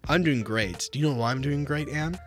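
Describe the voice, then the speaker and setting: A man's voice: fairly high pitch, fairly quick, faint music behind. Teasing young man hosting a podcast. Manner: teasing, deadpan jokey banter. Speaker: podcast host. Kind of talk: casual comedic chat.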